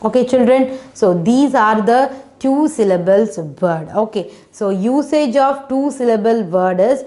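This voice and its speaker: A woman's voice: on the high side, expressive, measured pace, dark tone. A woman teacher, patiently sounding out words and syllables for children in an online phonics class. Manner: patient, repetitive teacher talk, sounding out letters, frequent "okay".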